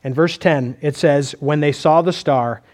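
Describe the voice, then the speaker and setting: A man's voice: fairly high pitch, a little slow, darkish tone. A man preaching a sermon in a conversational way, asking the listeners questions and often restarting his sentences. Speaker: pastor.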